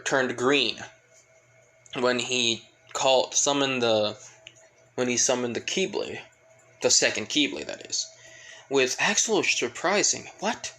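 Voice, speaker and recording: A man's voice: medium pitch, sharp tone, rough recording. A man casually retelling a fan fiction story, rambling and repeating fillers. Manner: rambling, fills with "pretty much".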